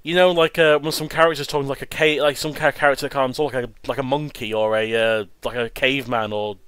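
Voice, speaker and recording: A man hosting a casual movie riff commentary, animated and laughing, often restarting his sentences. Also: mid-range voice, fast, smooth, dry recording. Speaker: host.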